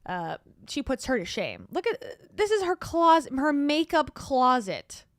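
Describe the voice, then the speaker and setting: A woman's voice: high voice, big pitch swings, measured pace, no echo, studio quality. A woman hosting a gossip commentary show, talking in a sarcastic, scoffing way. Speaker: commentary host.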